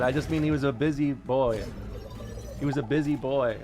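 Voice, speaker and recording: A man streaming live, chatting casually and wryly with his viewers, quick to joke and to deny things. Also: medium pitch, fairly even intonation, faint music behind.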